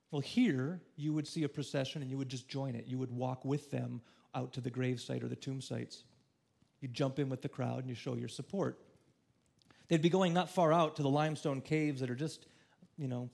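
Male pastor, mid-pitched, gravelly voice, conversational sermon delivery with hushed and emphatic swings.

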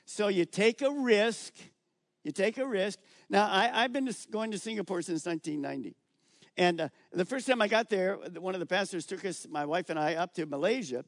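An older male pastor preaching a sermon to viewers at home, animated and coaxing the listeners. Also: sits high, moderate pace, no echo, clean studio sound.

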